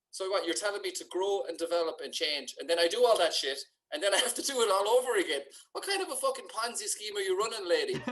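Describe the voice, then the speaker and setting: A man performing stand-up in a comedy club. His delivery is dry and sardonic, and his voice sits a little high for a man. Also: fairly bright tone, rough recording. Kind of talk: stand-up set.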